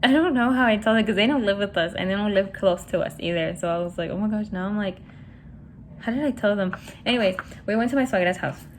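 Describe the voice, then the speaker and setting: Doing her makeup on camera, a young vlogger talks quickly in a mid-range voice, meandering with lots of "you know" and "like" fillers and mixing in Spanish. Some light background noise can be heard.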